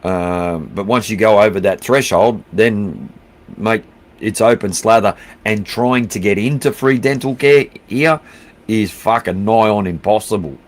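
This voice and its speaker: A man's voice: lowish voice, unhurried. A middle-aged Australian man hosting a livestream, reading out viewer comments in casual, blunt chat, swearing freely and calling everyone mate. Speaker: livestream host.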